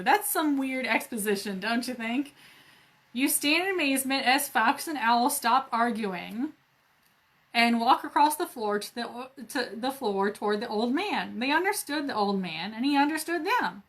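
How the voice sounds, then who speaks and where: A library storyteller with a slightly high, fairly bright voice reads a children's adventure book at a moderate pace, her intonation lively. She pauses for playful jokes and laughs at herself.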